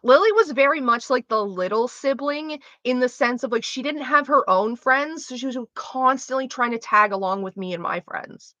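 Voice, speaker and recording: Bright-voiced young woman, rambling streamer chat. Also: high-pitched, moderate pace, hardly any pauses, dry recording. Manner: rambling, swears freely, trails off mid-sentence. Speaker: livestreamer reading chat. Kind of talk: casual chat with a live audience. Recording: slightly dull lo-fi mic.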